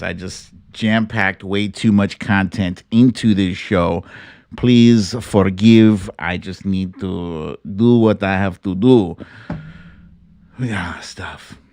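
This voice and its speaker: A man hosting a show with casual commentary, animated and joking, swearing now and then. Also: on the low side, no echo. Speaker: show host.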